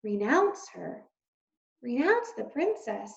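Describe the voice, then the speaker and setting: A woman voicing a small, earnest young male mouse who answers haltingly. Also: fairly high pitch, sing-song, creaky, heavily acted. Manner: earnest, halting, soft replies. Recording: roomy, slightly dull recording.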